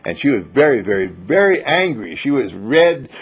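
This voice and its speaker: A gravelly, husky man teaches an enthusiastic spiritual lecture. His delivery is repetitive and full of stories, with a lively voice that rises and falls. The recording sounds dull and lo-fi. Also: medium pitch, normal speed. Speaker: seminar teacher.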